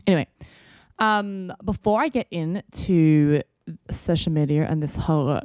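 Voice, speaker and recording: A woman's voice: sits low, a little slow, darkish tone, clear, resonant tone, dry recording, clean studio sound. A woman in her twenties hosting a casual solo podcast, chatty and rambling with playful sudden jumps in tone. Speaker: podcast host.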